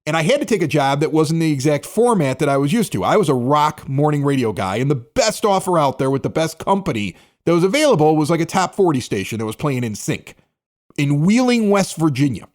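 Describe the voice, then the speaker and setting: A man's voice: on the high side, big pitch swings, brisk, a little mellow. A man in his forties from Chicago's South Side, a former radio DJ, telling a candid, self-critical story on a podcast. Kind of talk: casual storytelling commentary.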